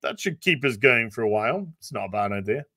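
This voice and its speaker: Animated, bright-voiced man reading super chats. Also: medium pitch, fast. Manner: profane, laughing, animated. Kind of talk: casual live-stream chat.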